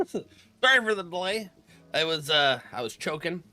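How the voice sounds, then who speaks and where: A man's voice: on the high side, big pitch swings, a little slow, sharp tone. A man casually chatting with his live-stream viewers, laughing often and greeting them by name.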